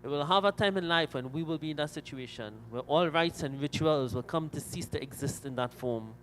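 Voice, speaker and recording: Man officiating at a funeral, storytelling preacher; slightly high-pitched. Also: brisk, a bit bright, slight background noise, low-quality recording. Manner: storytelling, repeated "my dear friends". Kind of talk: sermon.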